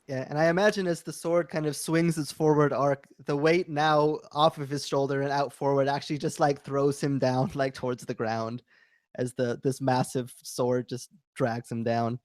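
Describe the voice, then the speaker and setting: A man describes his character's clumsy attack in a tabletop game, relaxed and chuckling as he goes. The recording is dry, with no room sound. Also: mid-range voice, moderate pace, no echo. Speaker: player.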